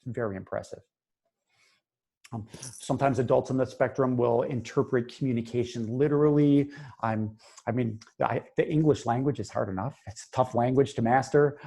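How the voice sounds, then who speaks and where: A male psychologist presents a webinar in a loose, conversational way, often restarting his sentences. His voice is husky and darkly mellow, and he sounds like he is speaking into a computer mic on a video call. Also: mid-range voice, normal speed. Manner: conversational, many restarts and fillers, quotes clients in brief voices.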